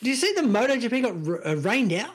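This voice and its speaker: A man's voice: very high voice, sing-song, fast, breathy edge. A middle-aged Australian man co-hosting a podcast, swearing, laughing and joking in casual banter. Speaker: podcast co-host.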